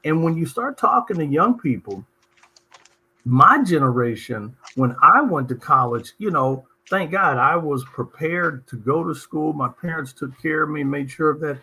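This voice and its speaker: A middle-aged man from Southern California, hosting a talk show and telling anecdotes in an animated, emphatic way. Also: fairly high pitch, moderate pace, slightly rough. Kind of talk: conversational interview storytelling.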